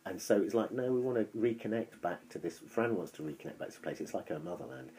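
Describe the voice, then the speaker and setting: A man with a very low, deep voice tells a long story in loose, casual chat. He rambles and backtracks, and he swears freely as he goes. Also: lively intonation, quick pace, mellow.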